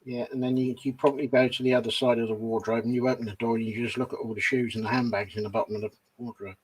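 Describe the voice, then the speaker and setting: A man's voice: mid-range voice, flat delivery, fast talker, breathy edge, low-quality recording. A man co-hosting a live stream, teasing his friend with chuckling banter. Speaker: co-host. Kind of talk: casual banter.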